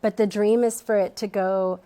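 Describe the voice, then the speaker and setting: A woman's voice: medium pitch, steady tone, normal speed, mellow. Thoughtful woman in a TV interview. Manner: thoughtful, with frequent ums and restarts. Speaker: museum education director. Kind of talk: interview answers. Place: TV studio.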